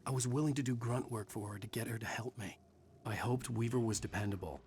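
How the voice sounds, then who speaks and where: An actor voicing a weary writer who narrates his ordeal in a brooding, measured voice. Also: medium pitch, a little mellow, a little hiss or hum, lightly acted. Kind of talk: game narration.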